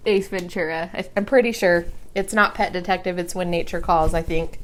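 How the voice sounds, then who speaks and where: In a casual craft tutorial, a young woman vlogger talks through her project, giggling and humming to herself. She speaks at a moderate pace with few pauses, in a lowish voice with a steady tone.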